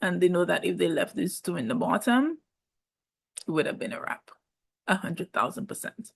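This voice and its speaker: A woman's voice: on the low side, expressive, moderate pace, vocal fry, slightly rough. Chatty woman gossiping through a recap. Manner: chatty and gossipy, laughing often. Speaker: reality TV reviewer. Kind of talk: casual recap chat.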